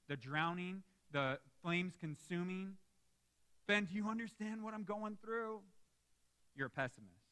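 High, bright-voiced man preaching. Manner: lively, emphatic preaching with asides to the congregation. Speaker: pastor. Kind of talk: sermon. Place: church sanctuary.

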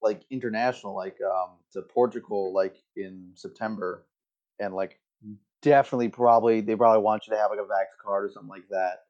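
A man's voice: fairly low pitch, fairly even intonation, brisk, a little mellow. Young man on a dull lo-fi mic. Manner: hesitant, filler-heavy storytelling. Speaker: podcast co-host. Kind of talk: casual chat.

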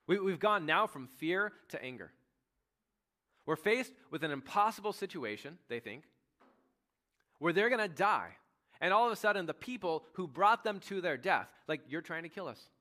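A man preaching a sermon as pastor, telling the story with lively retold dialogue. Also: high voice, normal speed. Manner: animated storytelling, acting out voices of biblical figures. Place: church sanctuary.

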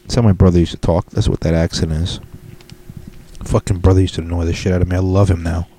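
Profane ranting young man, low voice. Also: little pitch movement, quick pace, warm tone. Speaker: podcast host. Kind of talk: solo podcast rant.

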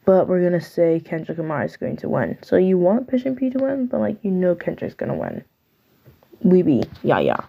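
A young woman hosts a casual solo podcast, chatty and opinionated, with heavy use of "like." Her voice is on the low side and creaky, and the recording's highs are cut off.

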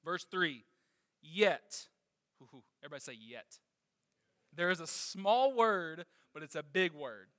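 A man delivers a sermon in a high, bright voice, climbing in pitch and force whenever he reads scripture aloud. He speaks straight to the congregation and asks them questions. The sound is dry and close. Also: lively intonation, measured pace, no room sound, big-room sound. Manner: passionate preaching, rising when reading scripture. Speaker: pastor.

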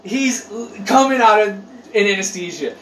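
A high-pitched man talks with a lively, swooping delivery, full of swearing and rambling asides. He is a bit far from the mic in a roomy space. A faint background noise sits under his voice. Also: moderate pace. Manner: animated, profane, rambling storyteller. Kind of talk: casual chat.

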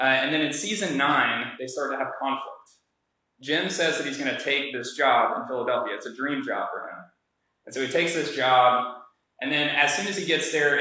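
A man's voice: medium pitch, bright, forceful tone. A young man giving a casual, conversational sermon, telling a story with many fillers. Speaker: preacher. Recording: very echoey room.

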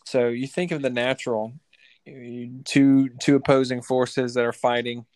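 A man's voice: mid-range voice, flat delivery, a little slow, darkish tone, dry recording. A man, a pastor, explaining faith plainly and directly with rhetorical questions. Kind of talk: sermon-like explanation.

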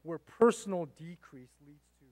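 A man's voice: a little high, lively intonation, normal speed, a little mellow, big-room sound. A male pastor preaching a sermon, emphatic and repeating phrases, with rhetorical questions to the congregation. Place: church sanctuary. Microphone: mic.

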